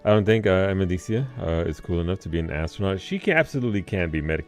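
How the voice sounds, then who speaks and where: Low-voiced gamer guy rambling casually while he plays, music faint in the back. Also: animated. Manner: rambling, with filler pauses. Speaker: game streamer. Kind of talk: casual gameplay commentary.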